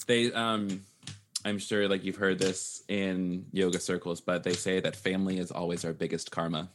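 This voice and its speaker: A man's voice: low voice, level tone, normal speed, a bit bright. A man as a guest on a casual podcast chat, reflective and loose, with many fillers. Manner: reflective, lots of likes and mm-hmms.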